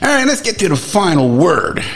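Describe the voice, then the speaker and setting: A man giving mocking comedic commentary, heckling loudly with excited exclamations. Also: fairly high pitch. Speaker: comedy video host.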